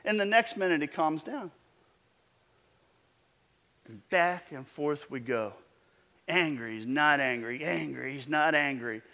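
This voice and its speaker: A middle-aged male pastor delivers a sermon at an unhurried pace. His voice sits a little high and sounds bright and forceful. He preaches emphatically, stumbling and restarting his phrases now and then. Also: expressive.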